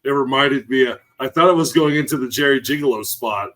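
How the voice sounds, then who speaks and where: A man's voice: mid-range voice, fairly quick, a bit bright, poor audio. A man co-hosting a podcast, chatting in a laid-back, agreeable way with many fillers. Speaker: podcast co-host. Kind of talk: casual chat.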